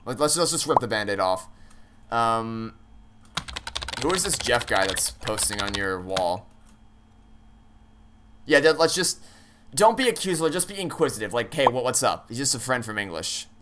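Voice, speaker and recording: A man's voice: mid-range voice, big pitch swings, normal speed, long pauses, background noise. A man playing through a story game, thinking aloud with hesitant, stammering restarts and casual swearing. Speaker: let's play gamer.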